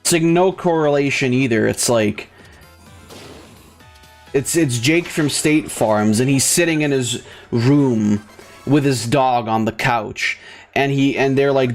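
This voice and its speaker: In a medium-pitched voice at a measured pace, a young gaming channel host rants casually over gameplay. The talk rambles, swears freely, and keeps restarting amid fillers, all over faint background music.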